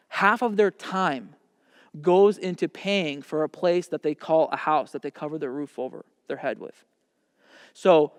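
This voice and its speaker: A man's voice: high-pitched, no room sound, studio quality, in a large hall. A man giving a seminar talk to young people at a camp, speaking conversationally and emphatically and acting out imagined dialogue.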